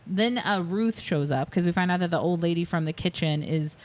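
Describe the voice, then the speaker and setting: A woman's voice: on the low side, fairly quick. A woman co-hosting a casual podcast, walking through a movie scene by scene, acting out quoted lines with fillers and laughs. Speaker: podcast co-host. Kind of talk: casual movie recap chat.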